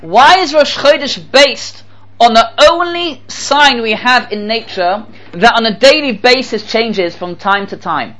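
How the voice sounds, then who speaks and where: A man giving a Torah talk as a sermon, animated and repeating phrases for emphasis, with Hebrew terms mixed in. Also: extremely high pitch, measured pace. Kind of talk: sermon with storytelling.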